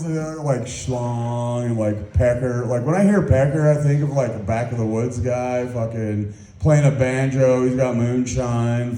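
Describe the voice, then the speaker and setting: Stand-up comic, young man, rambling and crude, mellow tone, roomy club sound. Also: medium pitch, slight background noise. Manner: crude, rambling, self-mocking storytelling. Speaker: stand-up comedian. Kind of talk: stand-up set.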